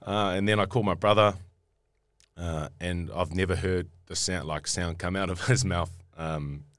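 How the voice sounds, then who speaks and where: A man's voice: deep voice, steady tone, moderate pace, no echo, clean studio sound. A young New Zealand man, a rugby player being interviewed, telling a story in a rambling way with many restarts. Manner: rambling, repeats and restarts words often.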